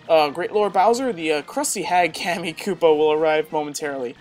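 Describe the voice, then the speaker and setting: A woman's voice: low-pitched, brisk, darkish tone, a little hiss or hum, close to an everyday voice, low-quality recording. A woman voicing a nervous male turtle soldier minion who stammers apologies. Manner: hesitant, apologetic.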